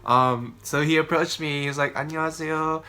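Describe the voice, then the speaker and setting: Young man, bright voice, easygoing chatty vlog delivery. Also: on the high side, moderate pace. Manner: chatty, relaxed, frequent ums and you-knows. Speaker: vlogger. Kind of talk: casual vlog talk to camera.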